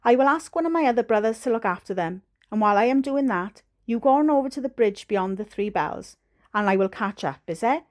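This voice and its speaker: A woman's voice: fairly high pitch, expressive, natural voice. A woman with a Welsh accent voicing an embarrassed, impatient boy in an audiobook reading. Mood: flustered. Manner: hurried, impatient.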